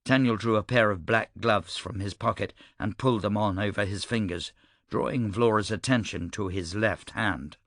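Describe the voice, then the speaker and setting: A man's lowish voice carries a scripted audiobook reading, paced steadily and with measure. There is no room sound, and the quality is that of a studio.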